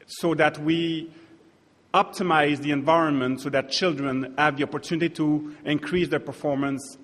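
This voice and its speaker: A man with a French-Canadian accent gives an academic talk, his voice a touch higher than most men's. He pauses and restarts his phrases often. The sound rings with the long reverb of a big lecture hall. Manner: hesitant, many restarts and fillers. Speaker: keynote speaker.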